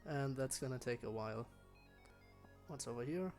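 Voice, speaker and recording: A male game streamer talking casually as he plays, chatty and quick to poke fun at himself. His voice sits at an ordinary middle pitch, with faint game music playing quietly behind him. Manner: chatty and self-deprecating. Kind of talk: casual gameplay commentary.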